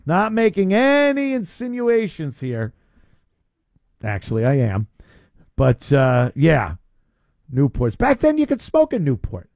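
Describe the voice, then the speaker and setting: Male radio host, gravelly, lively pitch, teasing banter, dry studio sound. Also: no echo. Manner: teasing, joking, puts on silly voices. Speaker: radio talk show host. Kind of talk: call-in radio chat.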